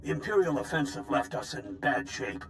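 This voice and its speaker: A man voicing a gruff veteran army general in a video game, with a grizzled, old-sounding voice and clipped military orders. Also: medium pitch, sing-song, moderate pace, slight background noise, natural voice. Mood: stern.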